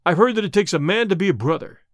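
A man voicing a cool, cocky young outlaw who answers calmly, quickly and slyly in an audiobook. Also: high-pitched, dry recording, studio quality. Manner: calm, quick, sly answers.

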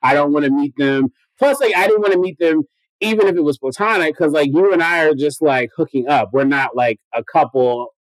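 A man with a noticeably high voice tells a story in a loose podcast chat. He swears freely and jumps into quoted dialogue. The sound is dry and close, with no room echo. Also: a little fast. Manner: animated, profane, acts out quoted dialogue. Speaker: guest telling a story.

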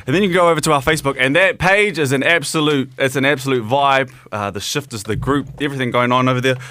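A man's voice: medium pitch, quick pace, sharp tone, no echo, studio quality. A man co-hosting a morning radio show, a bit out of breath and playful in his banter. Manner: playful, sing-song banter. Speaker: radio co-host. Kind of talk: casual breakfast show chat.

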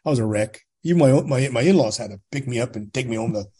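Husky-voiced man in his sixties telling a story. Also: mid-range voice, rapid-fire. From California. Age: 60s. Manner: animated retelling, quotes dialogue, frequent tag questions. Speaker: podcast guest. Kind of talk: personal storytelling in conversation.

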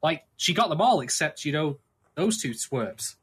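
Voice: mid-range voice, big pitch swings, normal speed, a bit bright, husky. A podcast co-host in casual chat, emphatic and profane while complaining about a scene.

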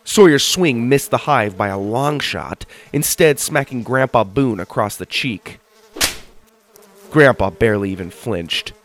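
A man narrating a children's adventure story in an expressive storytelling manner. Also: mid-range voice, measured pace, a little hiss or hum.

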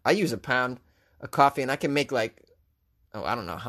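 A man's voice: mid-range voice, lively intonation, brisk, a bit bright. A man hosting a comedic news commentary, reading headlines and riffing on them sarcastically. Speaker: host.

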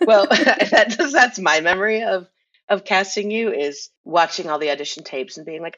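A woman's voice: mid-range voice, moderate pace, a bit bright. A woman who is a writer and showrunner, chatting animatedly on a podcast and laughing often. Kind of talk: casual podcast chat. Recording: dull lo-fi sound.

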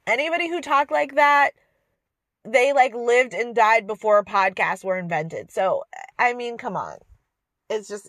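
Recorded in studio quality without room sound, a woman with a somewhat high voice rants sarcastically about a TV show on her podcast, punctuating the informal review with exasperated remarks and laughter.

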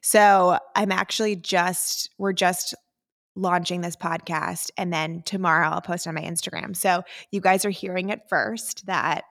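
A woman's voice: lowish voice, steady tone, measured pace, a bit bright. A young woman co-hosting a podcast in casual chat, talking with lots of fillers. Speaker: podcast co-host.

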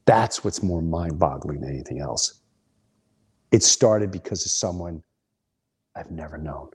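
A man's voice: extremely low pitch, measured pace, slightly rough. A middle-aged man, a comedian hosting a podcast, telling a story in a casual, rambling way with frequent restarts.

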